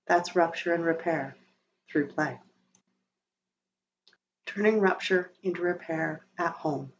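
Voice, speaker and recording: A woman hosting a podcast, reading a calm scripted narration in a gentle, soothing way. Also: fairly low pitch. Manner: gentle, soothing, slow-paced delivery. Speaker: podcast host. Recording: slightly dull sound with faint noise.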